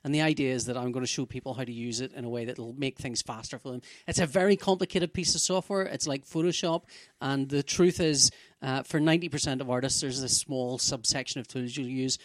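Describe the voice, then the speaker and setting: A man's voice: medium pitch, fairly even intonation, brisk, hardly any pauses, no room sound. A man co-hosting a casual chat, telling stories in a rambling, self-deprecating way. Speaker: podcast co-host, comic artist.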